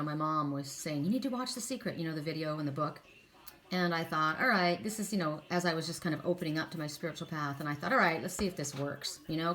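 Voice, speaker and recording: A woman's voice: lowish voice, fairly bright tone. A middle-aged woman reading oracle cards, chatting earnestly and telling stories with many asides. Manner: chatty, earnest, storytelling with many "you know"s. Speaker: oracle card reader. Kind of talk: casual spiritual talk.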